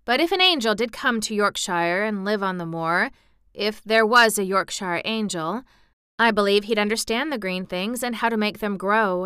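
A woman's voice: medium pitch, bright, forceful tone, smooth, no room sound, clean studio sound, natural voice. A woman reading a storybook aloud, voicing a blunt, earnest young girl with a sour temper who speaks frankly and insistently.

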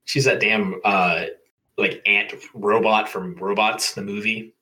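Casual male reader, bright and lowish, reading a comedic story with asides. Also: level tone, slow pace, low-quality recording. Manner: reads aloud, breaks off to joke and laugh. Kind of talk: casual comedic read-aloud.

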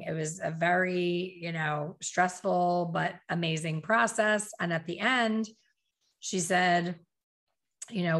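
A woman's voice: lowish voice, a bit bright. A middle-aged woman telling her personal story in a candid, conversational way, acting out her own past thoughts.

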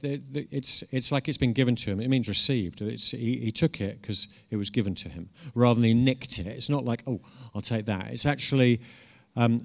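A man's voice: medium pitch, creaky. Earnest man preaching. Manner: informal and earnest, with many restarts and warm emphatic swells. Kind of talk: conversational sermon.

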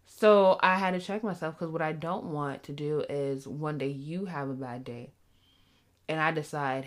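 Podcast co-host, woman, lower voice, lively storytelling, mimics her partner. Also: measured pace. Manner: animated, acts out her partner's voice. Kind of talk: casual couples chat.

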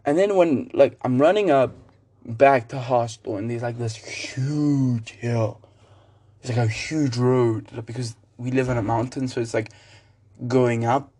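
A teenage boy talks alone into his podcast mic, rambling from one point to the next. His delivery is casual and animated, packed with fillers and restarts as he tells the story. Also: medium pitch, measured pace. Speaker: student podcaster. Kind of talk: casual solo podcast monologue.

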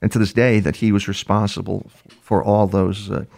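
A man's voice: on the low side, little pitch movement, normal speed, a little mellow. An older man, a criminal profiler guest in an interview, telling stories conversationally with frequent restarts and repeated words. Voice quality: gravelly. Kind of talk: conversational storytelling.

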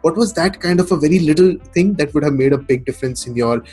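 Man, podcast host, video call, polite and halting questions, faint music behind. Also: a little high, warm tone, breathy edge. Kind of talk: interview conversation.

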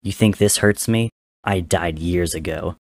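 A man's voice: deep voice, unhurried, dry recording. A man voicing a vengeful ancient war god who speaks with a growl. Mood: bitter.

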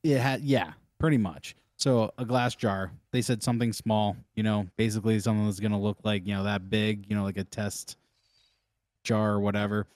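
A man's voice: fairly low pitch, steady tone, normal speed, a little mellow, no echo, studio quality. A man co-hosting a podcast, telling a loose, rambling story with lots of laughter. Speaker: podcast co-host. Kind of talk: casual storytelling chat.

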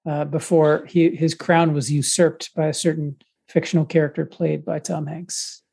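Playful high-voiced man gloating at a game. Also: flat delivery, normal speed, creaky, darkish tone, husky. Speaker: podcast co-host. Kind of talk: casual game banter.

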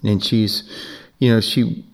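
A man's voice: fairly low pitch, steady tone, takes it slowly. A man who owns a business and hosts a podcast, telling a casual, rambling story full of "you know" and restarts. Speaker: business owner hosting a podcast.

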